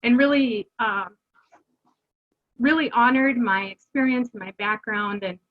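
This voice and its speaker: Middle-aged woman, slightly high voice, candid storytelling, earnest, fillers and restarts, muffled lo-fi sound. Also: a little slow. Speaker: guest, homeschooling mother.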